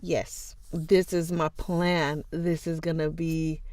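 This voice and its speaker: A woman's voice: low voice, level tone, slow, a little mellow, dry recording. A young woman whose first language is Twi, hosting a livestream, chatting casually with viewers, laughing often and greeting them by name. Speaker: livestream host. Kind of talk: casual chat with live viewers.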